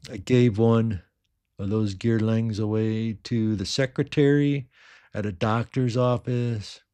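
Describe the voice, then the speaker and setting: A middle-aged man with a fairly low voice hosts a casual fragrance livestream. He rambles loosely from one viewer question to the next and often drops into quiet asides. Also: steady tone, slow, clean tone. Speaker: fragrance seller answering live chat.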